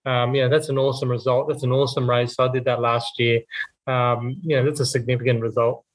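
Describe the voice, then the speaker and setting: A man guesting on a podcast, voice sitting in a middle register. He talks in an upbeat, chatty way with frequent quick restarts. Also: mid-range voice, flat delivery, low-quality recording. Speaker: guest, racing team part owner. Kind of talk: casual podcast interview.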